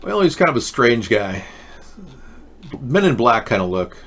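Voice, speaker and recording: A man's voice: medium pitch, sing-song, measured pace, a bit bright. Male host with a mid-range voice who talks casually and rambles through jokey asides. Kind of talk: casual commentary monologue.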